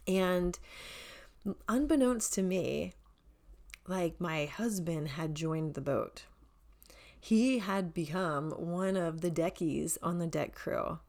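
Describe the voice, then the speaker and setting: A woman in her forties, a podcast host telling a story in a chatty, lively way and swearing freely. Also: fairly low pitch, slow pace, long pauses. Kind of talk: casual storytelling.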